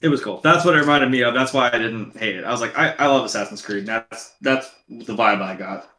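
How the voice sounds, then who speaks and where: Casting: man, podcast co-host, talks quickly and swears a lot, bright tone, slightly roomy sound. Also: medium pitch. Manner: profane, animated, acts out his reactions in quotes. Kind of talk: casual movie review chat.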